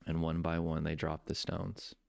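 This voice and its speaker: Man, coach type, earnest faith talk; deep and gravelly with a smooth, dry sound. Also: level tone, no room sound. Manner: earnest, preacherly, slows down for emphasis. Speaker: nervous system coach. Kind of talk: heartfelt personal faith talk.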